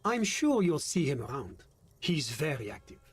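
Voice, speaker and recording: A pompous, slippery gentleman in a video game who dodges every question with flowery talk. His voice sits a little high for a man. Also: sing-song, moderate pace, husky. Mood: evasive. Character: smug, evasive man smoking on a balcony.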